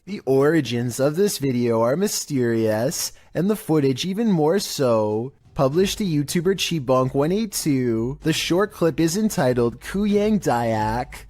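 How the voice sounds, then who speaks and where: A man narrating a countdown of scary internet videos in a flat, monotone scripted delivery. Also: fairly high pitch, unhurried, few pauses.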